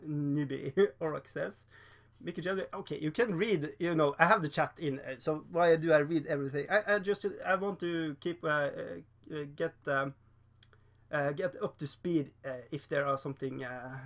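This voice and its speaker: A man's voice: on the high side, normal speed. A man casually chatting on a painting livestream, rambling, laughing often and reading the chat aloud. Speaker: streamer painting miniatures.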